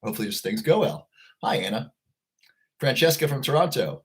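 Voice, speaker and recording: A man's voice: medium pitch, expressive, a little fast. A man hosting a casual livestream, upbeat and chatty, greeting viewers by name as they come into the chat. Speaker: livestream host.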